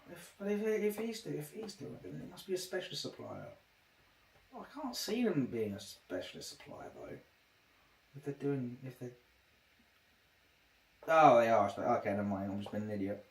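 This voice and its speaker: A man's voice: medium pitch, expressive, normal speed, gravelly, pauses often. Rambling man in a roomy room. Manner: rambling, restarts sentences often. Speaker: livestreamer. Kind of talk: casual livestream chat. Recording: roomy echo.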